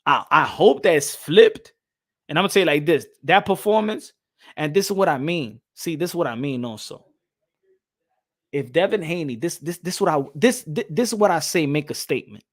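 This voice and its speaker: Animated, high-pitched ranting man. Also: normal speed. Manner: animated, profane, repeats himself, mocks with put-on voices. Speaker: boxing commentary host. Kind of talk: casual ranting commentary.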